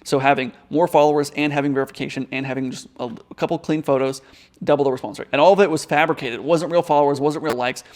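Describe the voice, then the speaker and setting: A man's voice: a little high, fairly even intonation, fast, a little mellow. A man coaching viewers in a casual advice vlog, with direct, conversational talk. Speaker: online business coach.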